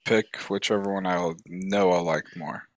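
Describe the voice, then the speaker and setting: A man co-hosting a casual podcast with dry, wry humor. His voice is very deep. The sound is close and dry, with no room around it. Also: steady tone, measured pace, dry recording. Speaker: podcast co-host. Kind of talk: casual chat.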